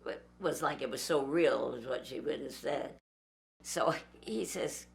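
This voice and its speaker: An older woman telling a story in a lively way and acting out the voices of the people in it. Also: a bass voice, measured pace, gravelly, a little hiss or hum. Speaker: interviewee. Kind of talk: storytelling anecdote.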